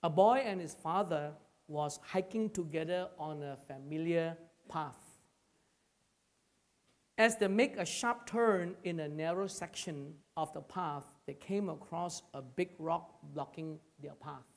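A male pastor preaches slowly to a church congregation. His voice sits fairly high for a man. He rises loud, then sinks to a hush. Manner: calls to the congregation. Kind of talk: sermon.

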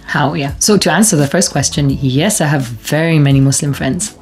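A woman's voice: deep voice, normal speed, a little mellow, soft background music. A woman from Kenya with an East African accent, co-hosting a radio talk show in playful, teasing chat. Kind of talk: casual chat.

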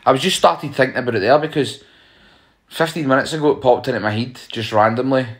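A young Scottish man delivering a rambling, conversational comic monologue, jumping up in pitch for emphasis. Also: fast, fairly bright tone.

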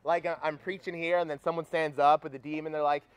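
A young adult man preaching a sermon at a campus retreat, energetic and rallying the crowd. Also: a little high, fast.

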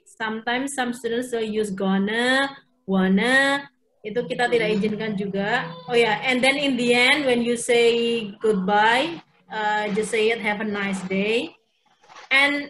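A woman's voice: on the high side, bright, forceful tone, a little hiss or hum, poor audio. A woman with an Indonesian accent teaching an English class over a video call, explaining rules and quizzing students. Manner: explains step by step, asks the class questions. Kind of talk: online class instruction mixing English and Indonesian.

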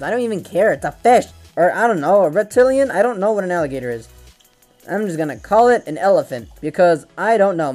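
A man hosting a VR fishing game video, excitable and joking, swearing often as he plays. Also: sits high. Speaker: gaming channel host. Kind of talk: VR game commentary. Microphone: VR headset gameplay capture.

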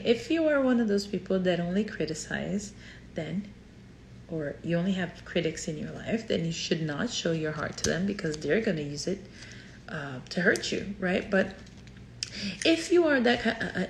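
A woman therapist with a Brazilian Portuguese accent speaks in a lower, husky-edged voice full of vocal fry. She teaches with heartfelt earnestness and repeats key phrases for weight. The sound carries a noticeable room echo. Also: slight background noise. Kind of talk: teaching talk to camera.

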